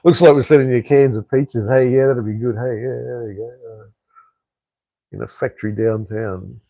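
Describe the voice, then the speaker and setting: A man's voice: medium pitch, fairly even intonation, moderate pace, vocal fry, muffled recording. An Australian man rambles through a casual live stream, answering viewer comments as they come in. He swears freely and fills his talk with fillers and restarts. His voice sounds dry and close, with almost no room echo. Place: home in Cambodia.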